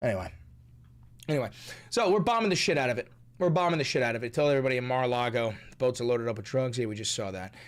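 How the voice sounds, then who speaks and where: A man's voice: medium pitch, very fast. A young man streaming, ranting heatedly about politics, swearing often and mocking his opponents. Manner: profane, heated, mocking, animated delivery.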